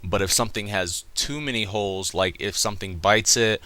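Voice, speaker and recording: A man's voice: fairly low pitch, fairly quick, pushed and bright. A young man casually retelling a comic chapter for a review video, rambling and swearing as he talks. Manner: rambling, profane, laughing retelling. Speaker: manga reviewer.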